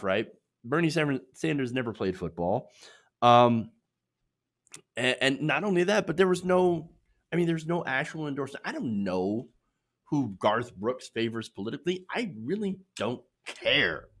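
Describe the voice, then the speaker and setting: A man from Michigan hosting casual political commentary, sarcastic and quick to laugh. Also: mid-range voice, fairly bright tone. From Michigan, USA.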